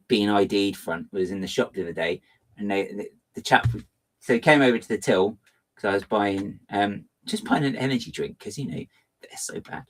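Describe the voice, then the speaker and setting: While building on a livestream, a man makes casual, playful conversation and mocks himself. He sounds lively and keeps swinging theatrically into a high pitch.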